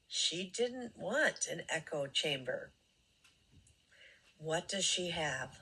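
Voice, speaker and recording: A woman hosting a commentary channel, giving sarcastic, critical remarks between clips, with fillers and pauses. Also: deep voice, very animated, pushed and bright, breathy edge, poor audio.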